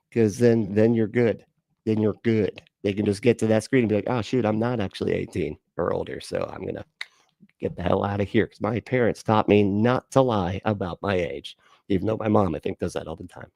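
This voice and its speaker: Male streamer, low gravelly voice, dark tone, mocking and sarcastic, casual swearing. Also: brisk, dry recording, clean studio sound. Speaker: livestream host reacting to a video. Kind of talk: casual livestream commentary.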